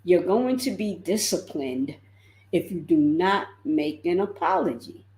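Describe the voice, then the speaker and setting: Slow, expressive woman life coach. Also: lowish voice, echoey room. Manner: expressive, repeats words for emphasis. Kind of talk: motivational livestream talk.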